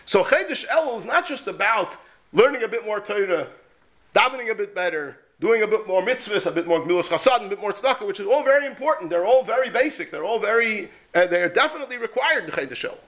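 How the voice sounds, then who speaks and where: Quick and animated, a man with a high-pitched, fairly bright voice teaches a Torah class as a rabbi. He drives his points home emphatically through rhetorical questions, sprinkling Yiddish and Hebrew into his English.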